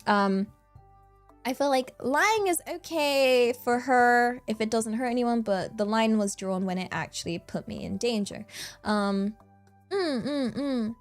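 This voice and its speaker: A woman chats casually on her stream, animated and quick to laugh as she rambles from thought to thought. Her voice sits a little high. Soft music plays faintly behind her. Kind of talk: casual chat.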